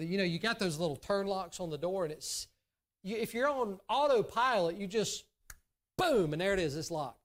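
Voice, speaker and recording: Guy preaching, pretty high voice, chatty then pleading loud. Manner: conversational preaching with rising emphatic pleas. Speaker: pastor. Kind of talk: sermon.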